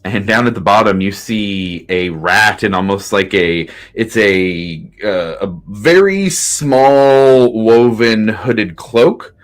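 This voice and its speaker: Brief: very deep male game master, halting narration with lots of fillers. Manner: halting, many fillers, low-key.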